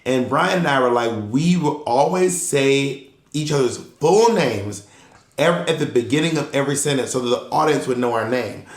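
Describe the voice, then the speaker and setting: A man co-hosting a podcast in casual chat, an animated storyteller who acts out the people he quotes. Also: mid-range voice, normal speed. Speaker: podcast co-host. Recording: roomy echo.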